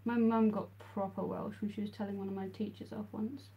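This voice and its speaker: A woman's voice: medium pitch, flat delivery, brisk, dull audio. A young woman from the English Midlands, chatting casually with her livestream viewers while she draws, answering their messages with frequent ums. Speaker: streamer.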